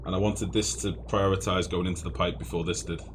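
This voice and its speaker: A man's voice: low-pitched, steady tone, brisk, background noise. A young man streaming a video game, chatting flusteredly to his viewers and mocking himself. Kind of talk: live-streamed gameplay commentary. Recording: music playing clearly behind voice.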